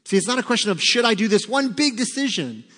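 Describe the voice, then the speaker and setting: A man's voice: high-pitched, sing-song, quick pace, fairly bright tone. Preaching man in an echoing hall. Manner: emphatic, acts out God's voice and quoted prayers. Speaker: pastor. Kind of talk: sermon. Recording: long reverb of a church hall.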